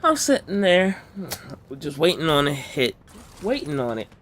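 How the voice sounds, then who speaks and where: A man tells a storytime vlog in a lively, bouncing voice that swings high and low. He talks casually and leans on slang. His excitement keeps pushing his pitch up. There is a faint hiss in the background. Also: measured pace. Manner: animated, slang-heavy, voice leaps high when excited. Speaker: storytime vlogger.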